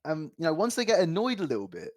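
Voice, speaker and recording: Lively, higher-voiced ranting co-host man. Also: fast. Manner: crude, profane, ranting. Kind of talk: comedic livestream awards banter.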